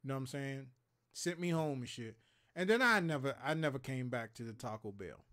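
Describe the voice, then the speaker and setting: A gaming talk show co-host from Maryland, USA, this man in his thirties talks at medium pitch and slightly fast. His stories on the casual livestream are profane and animated, with him acting out what other people said.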